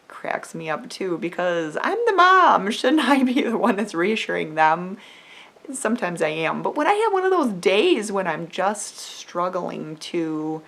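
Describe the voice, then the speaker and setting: A middle-aged woman chats to camera as a homeschool mom. Her talk is earnest and full of fillers, and she often acts out what other people said. Her pitch sits in the middle range. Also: creaky, fairly bright tone. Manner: chatty and earnest, with many fillers and acted-out quotes.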